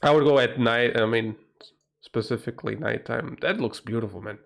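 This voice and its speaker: Hosting a casual livestream, a man from Portugal rambles and swears in a Portuguese accent, regularly letting out exclamations. His voice is gravelly and mid-range, at a normal speed.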